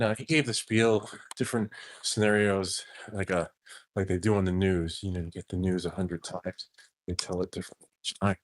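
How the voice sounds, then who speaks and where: Low-voiced man rambling through a vlog story. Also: dry recording. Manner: chuckles through his stories, trailing off and restarting. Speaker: vlogger.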